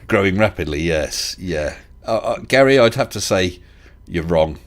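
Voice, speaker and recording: A man hosts a casual live stream in a fairly low voice whose pitch rises and falls a great deal. He talks in a chatty, hesitant way, restarting his sentences and chuckling. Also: animated, moderate pace. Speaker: livestream host.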